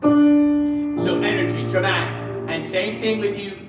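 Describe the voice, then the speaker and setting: A high-voiced man runs a church choir rehearsal, counting in the singers and breaking into sung examples. He is picked up from across a very reverberant room, with music clearly heard behind him. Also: expressive, a little slow, highs cut off. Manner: counts off beats and sings phrases to demonstrate. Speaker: choir director. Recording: echoey room from far off with music.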